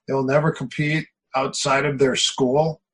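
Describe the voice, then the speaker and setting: A middle-aged man with a husky, slightly rough voice, speaking as a martial arts coach in a relaxed interview. He is animated and hammers his points home by repeating key phrases. His pitch sits at an ordinary level. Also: moderate pace, low-quality recording. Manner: animated, repeats phrases for emphasis, tells anecdotes. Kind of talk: casual interview talk.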